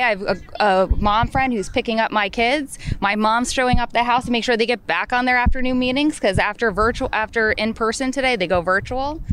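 A woman who owns an escape room business, talking enthusiastically on a live panel on an outdoor deck, quick to laugh. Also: fairly high pitch, fairly bright tone, a little hiss or hum. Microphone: panel mic.

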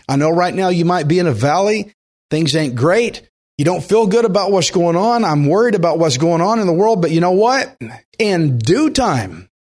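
A man preaching a sermon in an earnest, conversational way, slowing down to stress key points. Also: on the high side. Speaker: pastor.

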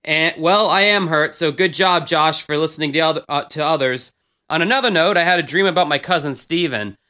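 A man's voice: a little high, brisk, sharp tone. A man in his thirties, casually chatting as a podcast host, rambling and crude with self-mocking humor. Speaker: podcast host reading old diary posts. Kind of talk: casual chat.

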